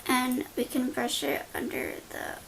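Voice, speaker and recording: A young woman beauty vlogger telling an animated, slangy story while doing her makeup. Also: sits high, unhurried, creaky, a little hiss or hum. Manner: animated, slangy, dramatic retelling.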